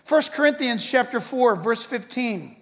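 A man preaching a sermon as a pastor, animated and conversational, acting out quoted prayers and joking with the congregation. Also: very high voice, a little slow, long reverb tail.

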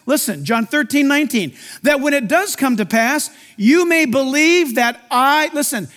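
High-voiced man preaching in a reverberant hall. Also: fairly bright tone. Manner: emphatic, preaching to a congregation. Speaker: pastor. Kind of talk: sermon. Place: church.

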